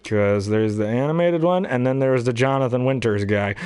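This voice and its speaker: A man's voice: mid-range voice, animated, moderate pace, a little mellow, clean tone, no room sound. Rambling young man showing off impressions. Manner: rambling, hesitant, many fillers. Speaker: hobby voice actor. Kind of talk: casual impression showcase.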